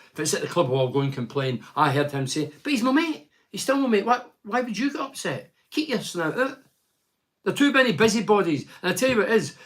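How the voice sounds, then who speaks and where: A man's voice: high voice, a bit bright. Blunt Scottish man hosting a phone-in. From Scotland. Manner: blunt, outspoken, reads out listener messages. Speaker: radio phone-in host. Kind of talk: casual call-in chat.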